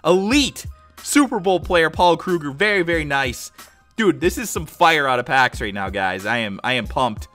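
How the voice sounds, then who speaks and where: A young man, a gaming YouTuber, commenting on card pack openings in a casual, excited way and shouting with joy at big pulls. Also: on the high side, normal speed, faint music behind. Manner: hyped, exclaims loudly at big pulls; casual, says dude and guys a lot.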